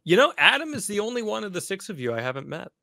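A man co-hosting a podcast, asking questions and reminiscing like an excited fan, laughing easily. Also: sits high, fast talker, creaky, no room sound, clean studio sound. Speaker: podcast co-host. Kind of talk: casual chat.

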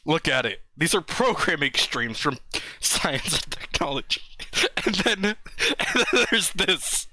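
A young man live-streaming, talking in excitable, crude, laughing casual banter into his webcam setup. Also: a little high.

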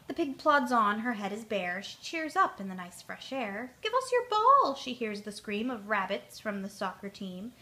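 Woman, storyteller, rhyming picture book read-aloud, lively, bright tone. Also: mid-range voice, moderate pace, hardly any pauses, slight background noise. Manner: lively, voices the characters.

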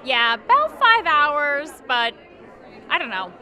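A woman's voice: sits high, very animated, takes it slowly, bright, forceful tone. Chatty woman TV reporter, crowd behind. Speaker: TV consumer reporter. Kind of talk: casual interview.

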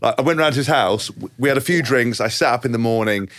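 A man's voice: medium pitch, quick pace, fairly bright tone. A man co-hosting a podcast, rambling through jokey anecdotes and laughing as he goes. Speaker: podcast co-host. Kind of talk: casual storytelling chat.

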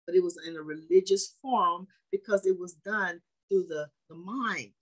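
A woman's voice: lowish voice, normal speed, rough recording. A woman preaching a sermon, speaking emphatically, repeating phrases for weight and putting questions to her listeners.

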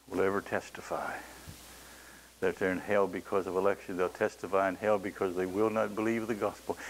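A man preaching a sermon to a congregation, pleading and building to loud, passionate cries. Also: low-pitched, a little hiss or hum, rough recording.

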